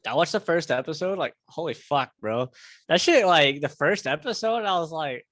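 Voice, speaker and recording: A man's voice: fairly high pitch, animated, normal speed, a bit bright, dry recording. A young man hosting a casual podcast, telling a long story in a rambling, profane way full of fillers. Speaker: podcast host. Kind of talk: casual chat.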